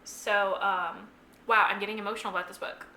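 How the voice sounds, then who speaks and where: Woman book vlogger, casual and effusive, bright tone, roomy camera-mic sound. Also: medium pitch, fairly even intonation, brisk, slight background noise. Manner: gushing, enthusiastic, lots of likes and ums. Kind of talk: casual monthly reading wrap-up.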